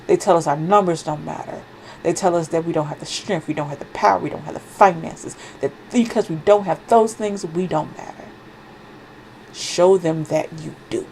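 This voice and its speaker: A woman with a low, gravelly voice delivers a spiritual reading with fierce conviction, swearing for emphasis and repeating phrases to hammer them home. Her tone is dark and mellow, and she sounds stuffy with a cold, sniffling between lines. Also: moderate pace, a little hiss or hum, low-quality recording. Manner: fervent, profane, emphatic repetition. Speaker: spiritual reader. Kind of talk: impassioned oracle card reading.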